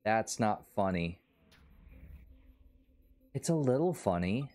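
Slow-talking man reading game dialogue aloud. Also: on the low side, very animated, warm tone. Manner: slow, playful, switching between put-on voices. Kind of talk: voicing characters in a story game playthrough.

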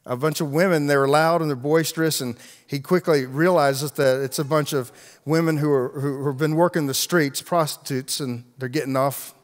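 A man's voice: a little high, steady tone, moderate pace. A man, a pastor, telling a story in a sermon, acting out the voices of the people in it, with frequent restarts. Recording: long reverb of a large hall.

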